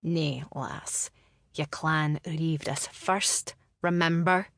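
A woman's voice: low voice, steady tone, vocal fry, a bit bright, no room sound, full character voice. A woman voicing a proud, teasing clan laird in a storybook reading. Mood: gruff, teasing. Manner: slow, dry, quipping.

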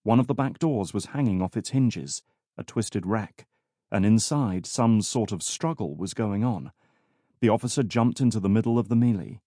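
A man narrating an audiobook in measured, scripted storytelling. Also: medium pitch, mellow, no room sound. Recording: dry studio recording.

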